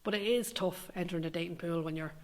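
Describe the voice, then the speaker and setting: A woman's voice: on the low side, quick pace. Sweary sardonic Irish woman. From Ireland. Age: young adult. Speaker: comedic monologue performer. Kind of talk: scripted comic monologue.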